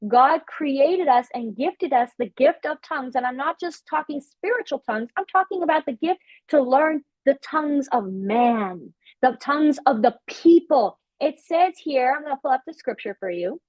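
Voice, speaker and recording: High-pitched woman teacher preaching with emphatic repetition, dry and slightly muffled recording. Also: moderate pace, no echo. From Africa. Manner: emphatic, animated, repeats key phrases. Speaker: prophetic ministry teacher. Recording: dull lo-fi sound.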